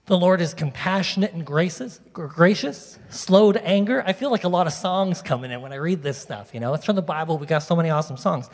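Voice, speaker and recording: A man preaching a sermon to his congregation in a lively, conversational way, asking them questions and drawing them in. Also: on the high side, a little fast, few pauses. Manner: animated, conversational, talks directly to the congregation. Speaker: pastor. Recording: long reverb of a large hall.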